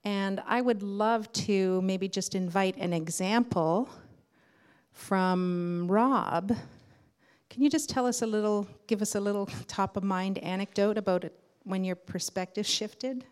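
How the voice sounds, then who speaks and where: A woman's voice: mid-range voice, fairly even intonation, a little slow, darkish tone, smooth. A woman facilitating a workshop, giving friendly, encouraging instructions to participants.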